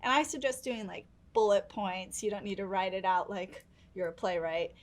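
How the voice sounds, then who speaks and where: A young woman giving tips in a casual chat, upbeat and quick to laugh. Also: mid-range voice, steady tone. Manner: chatty, laughs often, upbeat. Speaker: guest giving presentation tips.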